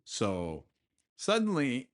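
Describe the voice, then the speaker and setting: A man's voice: mid-range voice, wildly swooping pitch, drawn-out words. A man co-hosting a podcast in casual chat, telling the story at length with lots of fillers. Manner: rambling, storytelling with filler words. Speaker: podcast co-host.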